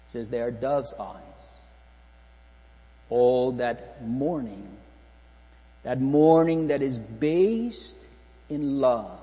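A man's voice: on the high side, mellow. A man preaching a sermon to his congregation, earnest and pleading, asking searching rhetorical questions. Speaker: pastor. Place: church hall. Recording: long church reverb with mains hum.

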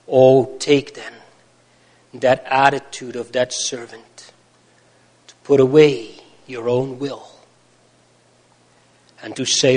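Slow, solemn man preaching a sermon. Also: mid-range voice, steady tone. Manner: slow, solemn and pleading, with swells and drops in loudness.

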